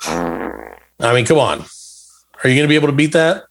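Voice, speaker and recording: A man's voice: medium pitch, big pitch swings, normal speed, vocal fry, music in the background. A man co-hosting a podcast in casual, teasing chat, pushing back and arguing. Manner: teasing, argumentative. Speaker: podcast co-host.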